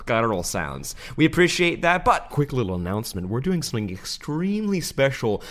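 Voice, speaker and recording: A man's voice: medium pitch, sing-song, brisk, a bit bright. Easygoing man, casual podcast banter. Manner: easygoing, laughs often. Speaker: podcast co-host. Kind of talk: casual chat.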